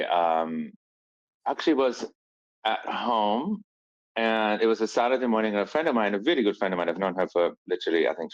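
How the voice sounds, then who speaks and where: A man's voice: low-pitched, no room sound, lo-fi sound. A man from Austria, a brand founder telling stories as a podcast guest and acting out quoted lines. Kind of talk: casual storytelling.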